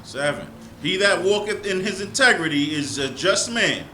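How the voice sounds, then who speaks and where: A man reading scripture verses aloud in a steady, plain way. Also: high-pitched, moderate pace, echoey room, a little hiss or hum, poor audio. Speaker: scripture reader.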